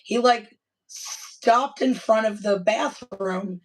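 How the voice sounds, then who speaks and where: A woman co-hosting a podcast in casual chat, reacting with quick quips and exclamations. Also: medium pitch, far from the mic, rough recording. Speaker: podcast co-host.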